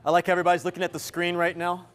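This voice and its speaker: A man giving an interactive live keynote as a motivational speaker, energetic and playful, teasing his audience. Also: sits high, racing, clear, resonant tone. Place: event venue with a live audience.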